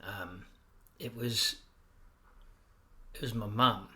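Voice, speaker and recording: A middle-aged Australian stand-up comedian, appearing as a guest, tells brash stories in casual conversation, swearing freely and performing the voices of people he quotes. His voice is lowish, steady and sharp, delivered slowly, with a slight hiss or hum in the recording.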